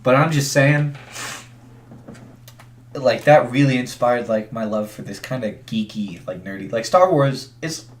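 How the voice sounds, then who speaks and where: A young man co-hosting a podcast, chatting casually and rambling with many halting restarts. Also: medium pitch, far from the mic. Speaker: podcast co-host. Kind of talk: casual chat.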